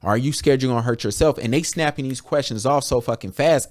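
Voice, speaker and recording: Quick-paced with few pauses, a young American man hosts a casual podcast in a mid-range voice. His talk is candid and blunt, full of swearing, and he acts out conversations in quotes.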